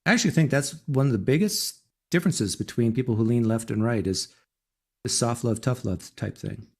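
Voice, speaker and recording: A man's voice: medium pitch, fairly quick, darkish tone, slightly rough. A man giving an opinionated monologue in a preachy way, repeating his points.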